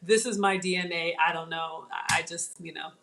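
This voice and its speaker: A woman's voice: fairly low pitch, fairly even intonation, moderate pace, fairly bright tone, slight background noise. A middle-aged woman, hosting a chatty live cooking demo and talking viewers through each step. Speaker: channel host.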